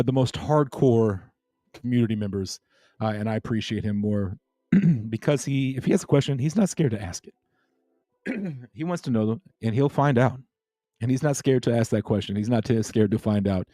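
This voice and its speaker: Laid-back mellow-voiced man hosting a stream. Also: mid-range voice, normal speed, no room sound, studio quality. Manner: rambling, laid-back, greets chat viewers. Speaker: crypto livestream host. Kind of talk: casual late-night livestream chat.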